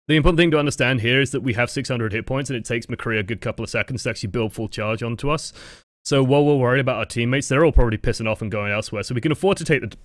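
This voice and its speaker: A man coaching players through a gameplay review, blunt and sweary with lively reactions, close to his microphone. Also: mid-range voice, dry recording. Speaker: game coach reviewing footage. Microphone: close desk microphone.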